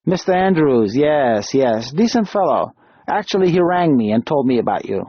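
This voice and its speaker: A man's voice: mid-range voice, big pitch swings, normal speed, dry recording, muffled recording. A man voicing a chubby, affable middle-aged lawyer who talks in a chatty, apologetic way.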